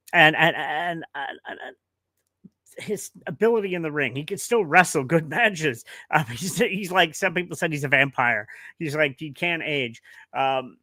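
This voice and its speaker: A man's voice: a little high, bright, forceful tone, dry recording. A man streaming casual commentary, rambling and emotional, with many restarts.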